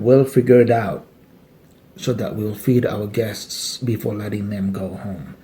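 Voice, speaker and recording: This Malaysian instructor demonstrates casual table eating customs patiently, one step at a time, with small jokes sprinkled in. His voice is on the low side and warm.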